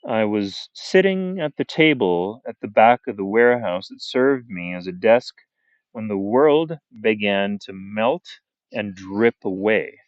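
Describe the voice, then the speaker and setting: Man reading a story, measured and dry. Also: lowish voice, expressive, no room sound. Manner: measured, pausing, first-person telling. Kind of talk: unedited audiobook reading. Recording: dull, dry.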